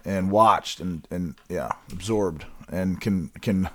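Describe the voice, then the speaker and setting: Low-pitched guy rambling in a chat, lots of ums and restarts. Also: slow pace, fairly bright tone. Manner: rambling, many fillers and restarts, asks questions. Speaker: conversation partner. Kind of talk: casual chat.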